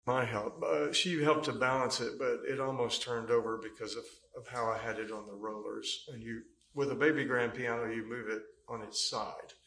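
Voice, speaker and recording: A man on the witness stand recounts events in a rambling, halting manner, often pausing on fillers. His voice has a gravelly, creaky edge. The courtroom mic picks up noticeable room echo. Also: medium pitch, fairly even intonation, fairly bright tone, slight background noise. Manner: rambling storyteller, hesitant with many fillers. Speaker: trial witness. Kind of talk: courtroom testimony.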